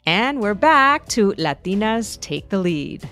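A woman hosting a podcast, asking her guest questions in a calm, measured way. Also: medium pitch. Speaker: podcast host. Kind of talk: interview questions.

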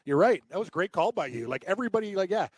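A man's voice: high voice, lively intonation, very fast, breathy edge, no room sound. A man co-hosting a casual sports chat, rambling and emphatic, often repeating himself. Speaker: sports podcast co-host.

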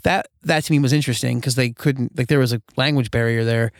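A man with a gravelly, fry-heavy voice chatting casually about movies on a podcast. He rambles, restarts his sentences and laughs often. The sound is dry and close. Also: medium pitch, steady tone, fast talker, no room sound. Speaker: podcast co-host. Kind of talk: casual chat.

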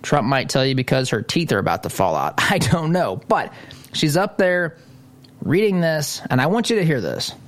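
A man's voice: a little high, sing-song, normal speed, fairly bright tone. A man hosting a political talk radio show, delivering an indignant, sarcastic monologue.

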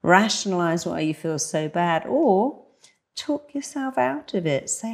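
A woman's voice: on the low side, lively intonation, unhurried, creaky. A woman therapist speaking as an interview guest, emphatic and acting out the voices she quotes. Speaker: hypnotherapist guest. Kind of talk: conversational interview.

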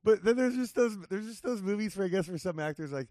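A man hosts a casual podcast in a somewhat high voice. His talk is loose and rambling, full of "uh" and "like". The sound is dry and close to the mic. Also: lively intonation, quick pace, dark tone, dry recording. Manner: loose, rambling, lots of fillers and laughs. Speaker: podcast host.

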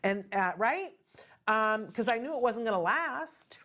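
A woman's voice: on the high side, lively intonation, unhurried, fairly bright tone. A middle-aged woman hosting a talk show, speaking earnestly and conversationally and often checking in with "right?". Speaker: host. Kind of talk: casual talk show monologue.

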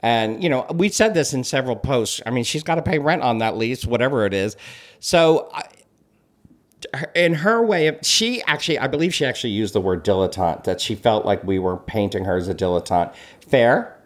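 A man co-hosting a casual podcast chat as a celebrity blogger, telling stories with animated swings in his voice. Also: a little fast. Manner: animated storytelling, lively swings in pitch.

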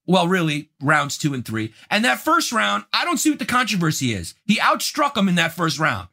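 A brash American man hosting a sports talk show, whose mock outrage swings between low mutters and loud outbursts. His voice sits high and bright, with a gravelly edge, and his pitch leaps all over the place as he rants. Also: wildly swooping pitch, moderate pace, hardly any pauses. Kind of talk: opinionated sports rant.

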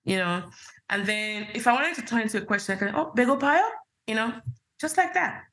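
A woman in her thirties from Nigeria speaks as a podcast guest. She talks quickly and explains things step by step, and she laughs easily. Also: mid-range voice, animated, a bit bright. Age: 30s. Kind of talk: casual interview chat.

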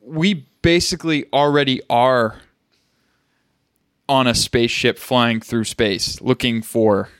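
A man's voice: mid-range voice, slow pace, a bit bright, smooth, no room sound, studio quality. A man co-hosting a podcast, musing and rambling in casual chat with lots of fillers and restarts. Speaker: podcast co-host.

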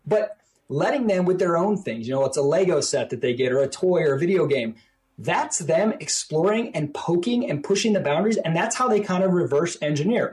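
A man talking on a podcast in easy, casual conversation. His voice sits a touch high. He gets animated and slips into little quoted voices to make his point. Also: fairly quick. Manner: animated, acts out quoted voices at higher pitch. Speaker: podcast guest. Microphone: podcast microphone.

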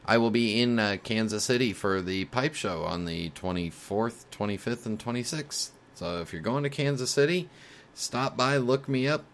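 A man's voice: mid-range voice, normal speed, fairly bright tone. A man hosting a podcast, casually reading listener letters aloud with frequent chuckles and filler sounds. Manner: many filler uhs.

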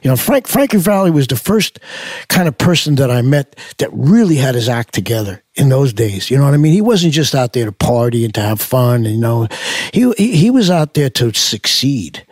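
A man's voice: medium pitch, sing-song, normal speed, darkish tone, no echo, clean studio sound. An older man, a musician being interviewed, telling stories in a loose, rambling way with many fillers and restarts. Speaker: musician guest. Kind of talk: casual storytelling interview.

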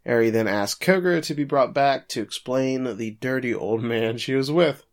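A man's voice: medium pitch, normal speed. A man co-hosting a podcast, casually recapping an anime episode with frequent chuckles. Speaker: podcast co-host.

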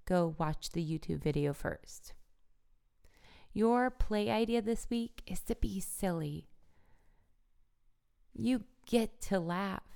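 A woman hosting a podcast for mothers, giving a calm, gentle and encouraging self-care pep talk. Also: on the low side, gravelly, clean tone.

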